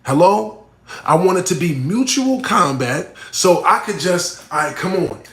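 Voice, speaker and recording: A man, a battle rapper, talking casually to camera and answering a fan's question. He is blunt, repeats himself and swings between loud emphatic points and muttered asides. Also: sits high, lively intonation, measured pace. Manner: blunt, repeats himself, full of "you know what I'm saying" and "right?". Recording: echoey room.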